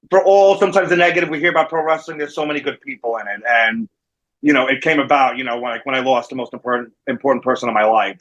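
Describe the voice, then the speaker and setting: A man with a New Jersey accent, guesting as a wrestling manager in a relaxed remote interview, tells stories and acts out quoted voices. His voice is medium-pitched and a bit bright, and the audio is poor.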